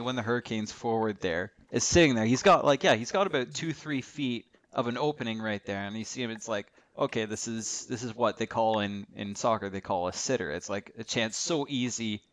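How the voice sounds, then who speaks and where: A young man in a casual hockey chat, explaining plays in a relaxed way and restarting his sentences often. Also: medium pitch, fairly quick, hardly any pauses, dry recording. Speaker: podcast co-host.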